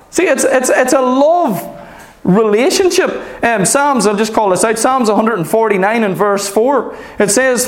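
A man preaching with a very high voice, earnest and repetitive, pressing each point home. The sound is roomy and echoey. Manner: earnest, repetitive, emphatic with frequent "Amen" and "Okay?". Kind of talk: sermon. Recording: echoey room.

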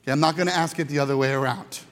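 High-voiced pastor preaching in a reverberant hall. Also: male voice, racing. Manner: animated, repeats words, acts out quoted shouts. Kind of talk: sermon. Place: church sanctuary with congregation. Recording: long reverb of a large hall.

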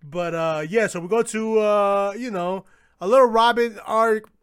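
Higher-voiced young man in slangy banter. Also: unhurried, a bit bright, smooth, dry recording, clean studio sound. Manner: laid-back, slangy banter. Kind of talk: casual chat.

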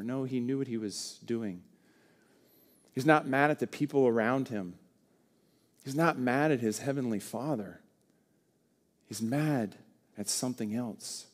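A man preaching a sermon, earnest and shifting between loud and soft for emphasis. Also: medium pitch, unhurried. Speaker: pastor.

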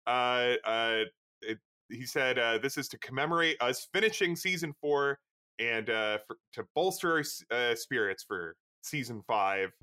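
A man co-hosting a podcast in casual chat, talking hesitantly with lots of pauses and fillers. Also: mid-range voice, animated, sharp tone. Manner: hesitant, many fillers and restarts. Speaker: podcast co-host.

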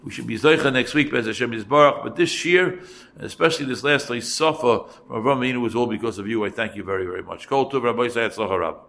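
A rabbi teaching a class, telling a story in an unhurried way, repeating phrases and adding asides for his listeners. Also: mid-range voice, creaky, fairly bright tone. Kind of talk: storytelling Torah lesson. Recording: echoey room, faint background noise.

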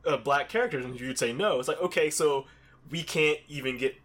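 A man's voice: on the high side, moderate pace, a bit bright. A man from Pittsburgh talking in a casual, rambling way, with lots of fillers and restarts. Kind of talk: casual chat.

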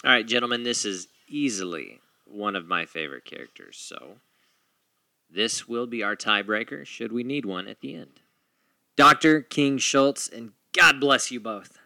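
Brief: playful male podcast moderator, very bright sharp tone, dry close sound. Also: medium pitch, measured pace, creaky, no room sound. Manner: playful, theatrical announcing. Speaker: podcast host moderating a debate. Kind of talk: casual moderating chat.

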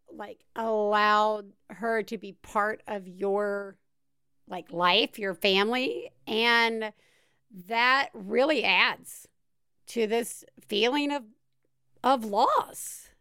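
Podcast host: woman with a clear, smooth voice, unhurried and wry, dry close sound. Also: on the high side, no echo. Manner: wry, joking, then gently reassuring. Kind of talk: casual chat.

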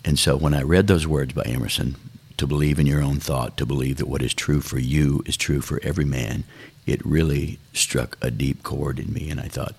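Very deep gravelly man, thoughtful. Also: steady tone, a little mellow. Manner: thoughtful, unhurried, musing. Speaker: songwriter guest. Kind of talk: reflective interview talk.

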